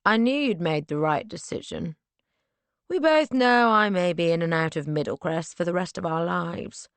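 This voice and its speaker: A woman voicing a brazen, tipsy young gentleman who pleads in a hushed, insistent voice in an audiobook. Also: lowish voice, normal speed, clear, resonant tone, dry recording, natural voice. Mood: smug.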